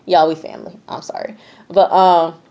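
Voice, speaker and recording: A woman chats through a TV recap in a casual vlog, blunt and full of profanity. Her voice sits a little low for a woman, and she talks straight to her viewers. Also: little pitch movement, normal speed, dark tone, dull audio. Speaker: TV reviewer.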